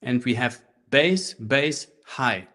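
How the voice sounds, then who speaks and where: A man teaching a live online handpan workshop through a laptop microphone, explaining rhythms in a relaxed way and speaking rhythm syllables while he plays. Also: medium pitch, slow pace. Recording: laptop mic with handpan music. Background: handpan playing.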